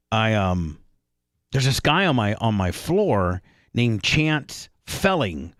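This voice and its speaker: A man's voice: mid-range voice, a bit bright, dry recording. Brief: man in his fifties, radio host, rambling storyteller, dry close sound. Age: 50s. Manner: rambling storyteller, frequent restarts and throat-clearing. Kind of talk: casual chat.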